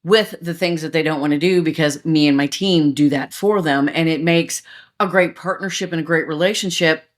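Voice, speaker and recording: A woman's voice: low voice, moderate pace. A woman, a digital marketer, talking chattily as a podcast guest, telling stories with many restarts. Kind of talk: casual podcast interview.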